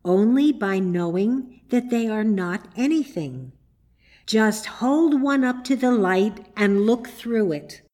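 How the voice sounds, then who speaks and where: A woman reading the part of a gentle, kindly grown woman who patiently guides a child. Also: medium pitch, animated, slow. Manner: soft and patient.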